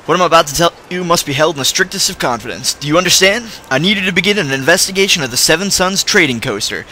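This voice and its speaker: A man reading out the lines of a grave male city guard officer in a fantasy game, in a plain, even voice. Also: a little high, quick pace, slight background noise, voice pushed up. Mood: earnest.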